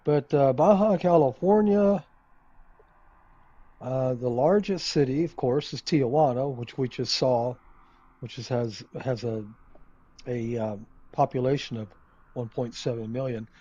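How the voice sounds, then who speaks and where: A man's voice: mid-range voice, a little slow, mellow, dry recording, lo-fi sound. A man hosting a flight simulator video, chatting casually and rambling with many ums and uhs as he thinks aloud. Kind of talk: casual gameplay commentary. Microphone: desk microphone.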